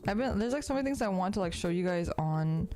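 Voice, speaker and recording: A woman's voice: fairly low pitch, lively intonation, fast, mellow, soft background music. Rambling, self-deprecating woman streamer. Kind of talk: casual chat while building a model kit.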